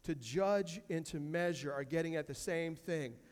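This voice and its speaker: A man's voice: fairly high pitch, normal speed, long reverb tail. A man preaching a sermon as pastor, emphatic, repeating key phrases and quoting scripture from a church sanctuary.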